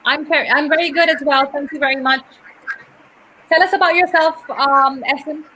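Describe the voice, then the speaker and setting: Woman English teacher, live class host; high, crisp, patient, corrective. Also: fairly even intonation, moderate pace, pushed and bright, slight background noise, low-quality recording. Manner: patient, corrects pronunciation clearly. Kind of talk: live online lesson.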